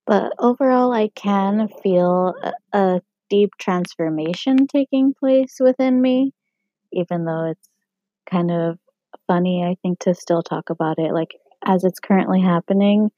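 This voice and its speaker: A young woman talking on her own podcast in a casual, rambling way, full of "um" and "like", her throat hoarse and scratchy. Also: mid-range voice, measured pace, mellow, no room sound. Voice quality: husky. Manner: meandering, lots of fillers like "um" and "like". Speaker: podcast host. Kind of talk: casual solo podcast talk. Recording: dry, muffled home recording.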